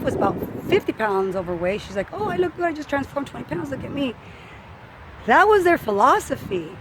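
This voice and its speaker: A woman's voice: on the high side, a little hiss or hum, rough recording. A woman fitness coach telling a personal story in casual talk, acting out what others said. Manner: animated, acts out quoted voices.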